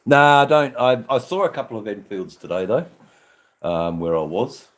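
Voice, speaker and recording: A man's voice: lowish voice, sing-song, normal speed, a little mellow. A man with an Australian accent, hosting a live stream and chatting casually with viewers in a rambling, sweary, laid-back way. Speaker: livestream host.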